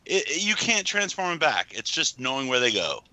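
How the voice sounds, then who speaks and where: A man's voice: fairly high pitch, sing-song, a little fast, bright, forceful tone, no echo. A man co-hosting a podcast, chiming in casually with short asides. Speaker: podcast co-host. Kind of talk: casual chat.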